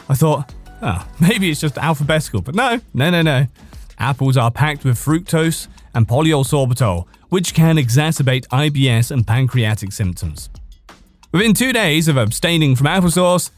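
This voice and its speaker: A man hosting a podcast, reading online posts aloud in a casual way, now and then cracking up laughing and tripping over words. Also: medium pitch. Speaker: podcast host reading stories.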